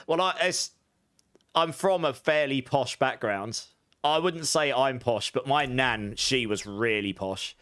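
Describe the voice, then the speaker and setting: A man's voice: mid-range voice, measured pace, a bit bright. An English man chatting casually with his viewers during a live game stream, rambling and answering chat as he plays. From England.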